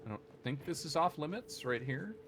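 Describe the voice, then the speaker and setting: A man's voice: a little high, expressive, moderate pace, noisy background. A man casually thinking aloud while he plays a game from his home desk, swearing when he gets annoyed. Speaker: streamer. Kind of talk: casual gameplay commentary.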